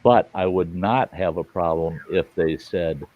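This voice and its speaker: A man's voice: low voice, a little slow, phone-quality sound. A middle-aged man hosting a live stream, telling stories in a blunt, folksy way and swearing freely. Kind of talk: casual storytelling chat. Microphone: live stream mic.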